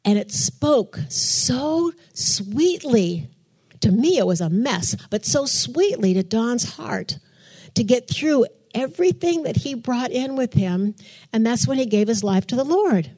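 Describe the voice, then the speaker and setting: An older woman gives a chatty testimony sermon in church, her slightly high voice warm and animated at a measured pace. As she tells her story, she acts out what she was thinking at the time.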